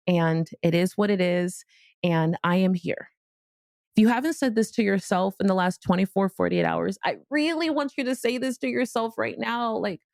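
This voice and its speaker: A woman's voice: medium pitch, a little mellow, no room sound, studio quality. A middle-aged woman from Miami hosting a podcast, giving a candid, playful motivational monologue with casual swearing. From Miami, Florida. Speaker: podcast host.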